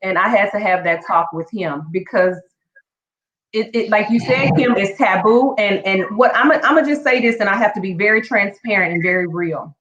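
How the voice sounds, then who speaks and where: A woman's voice: mid-range voice, moderate pace, fairly bright tone. Chatty woman guest, echoey lo-fi call. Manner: chatty, keeps calling the listener "girl". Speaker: teacher. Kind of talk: casual heartfelt storytelling. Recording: echoey room, dull lo-fi sound.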